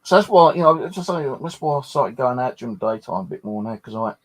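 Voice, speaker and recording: Gravelly man, rambling and sweary. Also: medium pitch, expressive, fast talker. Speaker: paranormal channel host. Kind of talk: casual late-night chat.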